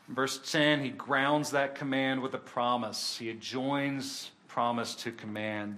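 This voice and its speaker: A man preaching a sermon in an earnest voice, his pitch and force climbing on the points he stresses. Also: fairly even intonation, measured pace, hardly any pauses, pushed and bright. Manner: earnest, rising in intensity on key points.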